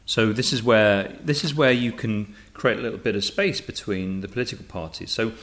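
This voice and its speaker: A man hosting a casual political discussion, speaking in a measured, emphatic way. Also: lowish voice, a bit bright. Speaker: podcast host.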